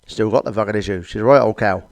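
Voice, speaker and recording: A man's voice: fairly low pitch, fast talker, creaky, no room sound. A middle-aged British man doing a crude stand-up comedy monologue, blunt and cheeky, swearing often. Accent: British English.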